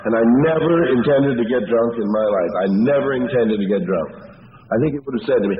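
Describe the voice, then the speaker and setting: A man who is a Catholic priest tells a folksy, self-mocking story as a sermon before an audience, slowing down for emphasis. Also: mid-range voice. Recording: tinny, phone-like old recording in a reverberant hall with faint hiss.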